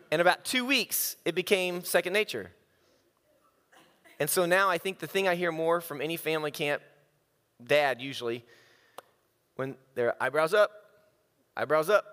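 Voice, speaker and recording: A man's voice: high voice, lively intonation, moderate pace, pauses often, fairly bright tone, big-room sound. A man giving a humorous, self-mocking sermon, telling stories and acting out the quotes. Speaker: speaker.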